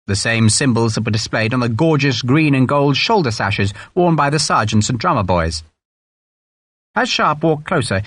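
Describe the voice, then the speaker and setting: A man reads an audiobook in a measured, expressive way, with pitch that rises and falls lively across each sentence. His voice sits in a middle range. The recording is dry and close. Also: dry recording. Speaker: audiobook narrator. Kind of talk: scripted narration.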